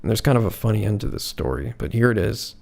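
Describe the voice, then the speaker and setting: A man's voice: on the low side, animated, quick pace, vocal fry, a little mellow. A man hosting a podcast, telling a story in a casual, rambling, profane way. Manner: rambling, profane, lots of "like" fillers. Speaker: podcast host.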